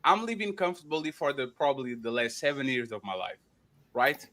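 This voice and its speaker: A man's voice: medium pitch, big pitch swings, a little fast, fairly bright tone. A man hosting a podcast, arguing emphatically in a heated debate, interrupting and repeating himself.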